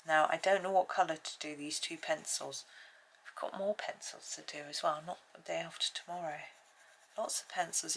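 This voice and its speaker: A woman's voice: deep voice, gravelly, a little hiss or hum. A woman hosting a colouring channel at home, chatting and thinking aloud as she works through a casual tutorial.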